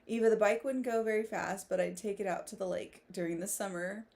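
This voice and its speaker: A woman's voice: medium pitch, steady tone, fairly quick, creaky, a little mellow. A woman hosting a casual writing livestream, chatting, laughing often and reading viewer comments aloud. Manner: giggly, reads chat aloud. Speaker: livestream host.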